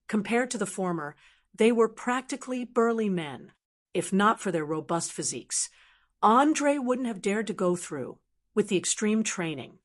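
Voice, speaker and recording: A woman narrating a fantasy audiobook in a steady, even reading voice. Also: medium pitch. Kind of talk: scripted narration.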